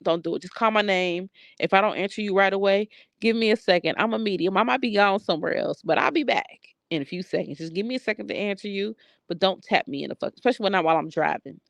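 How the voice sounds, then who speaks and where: A woman's voice: medium pitch, gravelly, no echo. A middle-aged woman, a psychic medium, talking frankly and bluntly in a personal video journal.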